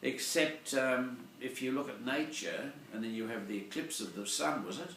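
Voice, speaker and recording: A man's voice: medium pitch, normal speed, a bit bright, slight background noise. An older man, a Catholic priest giving a rambling, digressive Sunday reflection and often searching for words. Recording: echoey room, voice from far off.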